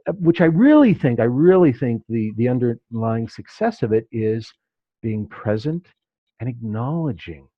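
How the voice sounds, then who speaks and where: A man's voice: medium pitch, expressive, a little slow, no echo. Man teaching a class, dry close sound, dull lo-fi recording. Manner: acts out quoted inner voices. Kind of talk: leading a class discussion.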